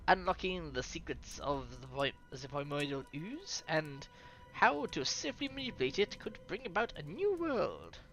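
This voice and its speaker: A reader doing a slow-talking French lecturer. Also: medium pitch, very animated, a bit bright, soft background music, rough recording. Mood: lecturing. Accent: put-on French. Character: pompous French scientist lecturing on aliens.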